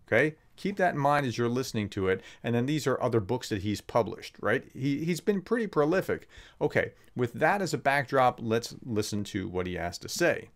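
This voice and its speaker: A man's voice: very animated, normal speed, few pauses. Sarcastic male professor giving commentary. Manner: conversational, sarcastic, emphatic rising pitch. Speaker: professor explaining war context. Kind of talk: video commentary on a clip.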